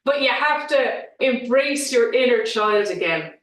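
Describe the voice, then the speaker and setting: A woman vocal coach chatting in an interview, talking in an animated way and sometimes showing vocal sounds. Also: on the high side, measured pace, far from the mic. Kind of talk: casual interview chat. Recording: roomy, set back from the mic.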